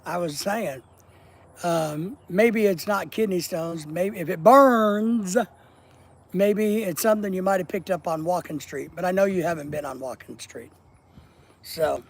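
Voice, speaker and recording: Male stream host with a raspy, higher-pitched voice. Casual and joking, crude and teasing as he reads chat aloud outdoors at night. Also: darkish tone, rough recording. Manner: joking, teasing, blunt and profane. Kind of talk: casual live-stream chat, reading viewer comments.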